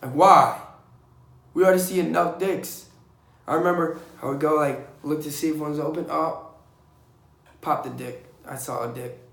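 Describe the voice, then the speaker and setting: A young vlogger tells casual, profane stories about navy boot camp in a fairly high, gravelly voice. His delivery is blunt at normal speed with frequent pauses, growing animated when he acts out what others said. The room is echoey.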